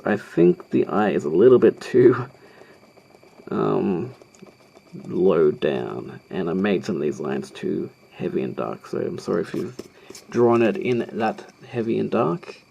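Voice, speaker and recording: A man's voice: on the low side, creaky, dark tone, breathy edge. A man talking through a drawing tutorial as he sketches, hesitant and rambling, with many ums and self-deprecating asides. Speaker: art tutorial host. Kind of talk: narrating a live drawing tutorial.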